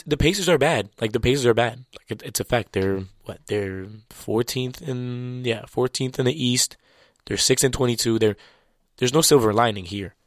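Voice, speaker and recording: A basketball commentator whose first language is French chats casually about the game, loose and slangy with frequent restarts. His voice is medium-pitched, recorded in studio quality without echo.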